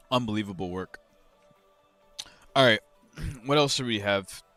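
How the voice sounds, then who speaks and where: A young man live-streaming crypto trades, chatting casually to his viewers and ranting about his moves with swearing and sudden loud outbursts. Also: mid-range voice. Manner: frustrated, swearing, rambling, bursts of loud outrage.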